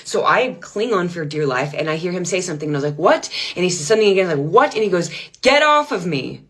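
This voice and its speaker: Woman spinning a funny story about herself, low-ish voice, super animated, laughing at herself. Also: racing. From United States. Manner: animated, self-deprecating, laughs between lines. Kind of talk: comedic personal storytelling.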